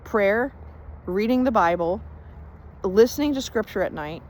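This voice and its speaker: This woman, a life coach grounded in faith, tells how she was healed, her medium-pitched, darkish voice expressive and unhurried over a rough recording. Her storytelling is loose and conversational, replaying exchanges with "and I'm like," and she stresses her belief with earnest emphasis.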